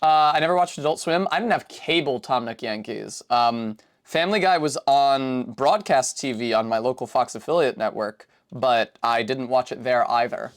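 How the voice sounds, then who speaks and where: A woman's voice: a bass voice, normal speed, hardly any pauses. A young woman from Rhode Island, chatting casually on a live stream, rambling, swearing freely and poking fun at herself while answering chat. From Rhode Island, USA. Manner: rambling, profane, self-deprecating; reads out and answers chat messages.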